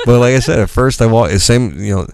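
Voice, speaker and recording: A man's voice: medium pitch, fairly quick, gravelly, crowd noise. A man who plays in a band, telling rambling, profanity-filled stories in a casual chat. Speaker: musician guest.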